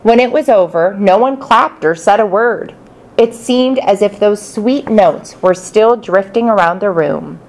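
A woman narrating a children's storybook in the first person, expressive and playful. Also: mid-range voice, unhurried. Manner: expressive, playful character voices. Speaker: audiobook narrator.

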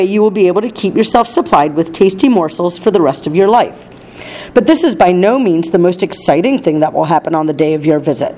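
A gentle, nervous father of a poor family speaks slowly and carefully, as a woman reader puts him on. His tone stays soft and measured in a storybook reading. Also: sits high.

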